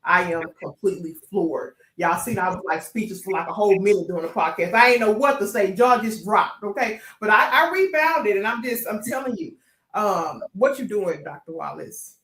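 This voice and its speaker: A woman's voice: medium pitch, lively intonation, normal speed, a bit bright. Effusive woman podcast host, echoey room. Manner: effusive, emotional, laughs often, slangy. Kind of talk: casual interview chat.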